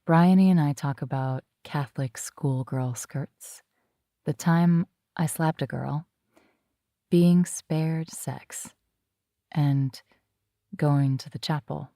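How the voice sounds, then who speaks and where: Flirtatious and wry, a woman hosts a podcast from her bed, mixing scripted intro narration with relaxed interview chat. She speaks slowly in a low, mellow voice, captured in clean studio sound without echo.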